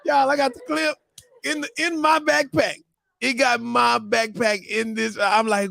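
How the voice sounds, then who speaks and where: A man hosting a morning live stream, telling a story with slang and loud bursts of laughter. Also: sits high, little pitch movement, normal speed, gravelly, dry recording, clean studio sound. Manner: laughing hard between lines, slangy and loud. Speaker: morning show host.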